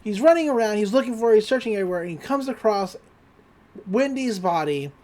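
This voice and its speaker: Animated woman recapping a cartoon. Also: mid-range voice, quick pace, a little hiss or hum. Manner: chatty, animated, filler-heavy. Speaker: podcast host. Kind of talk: casual episode recap.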